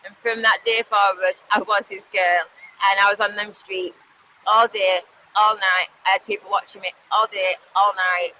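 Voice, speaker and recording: A woman with a Yorkshire accent from West Yorkshire, telling her own life story candidly, halting with fillers and restarts, and swearing bluntly. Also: medium pitch, flat delivery, bright, forceful tone, slight background noise, rough recording. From West Yorkshire, England. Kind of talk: candid personal testimony.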